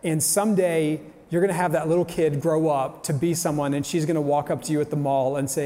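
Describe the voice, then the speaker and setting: A man's voice: a little high, steady tone, fairly quick, few pauses, dark tone. A young adult man giving an upbeat, joking motivational talk to a live audience, talking straight to the crowd. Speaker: motivational speaker. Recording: long hall reverb.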